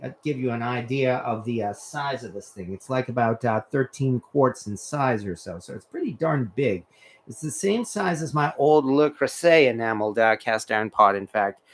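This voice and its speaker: A man with a mid-range, fairly bright voice hosts a casual cooking livestream from his home kitchen. He rambles, piling on fillers and restarts, and is self-deprecating throughout.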